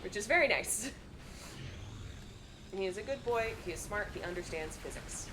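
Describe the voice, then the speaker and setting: A woman's voice: mid-range voice, animated, normal speed, background noise. A woman chatting casually during a charity game marathon, rambling through stories and often laughing as she acts out her dogs in playful voices. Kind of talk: casual chat over a game stream.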